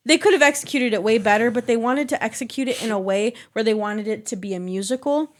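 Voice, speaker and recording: Young female panelist, casual chat, lively recaps, a bit higher voice. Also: fast talker. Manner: animated retelling with acted quotes and laughs. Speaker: podcast panelist.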